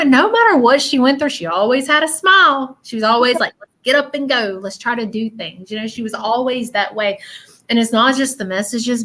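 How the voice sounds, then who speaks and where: A woman hosting a live-stream spirit reading, earnest and halting, repeating phrases and close to tears. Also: medium pitch, fairly bright tone. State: emotional, near tears. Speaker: psychic medium host.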